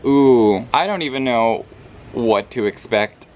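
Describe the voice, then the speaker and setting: The recording has its highs cut off as a slow, medium-pitched man vlogs about books. Sleep-deprived and casual, he swears and rambles, sleepy but animated in his reactions to what he reads.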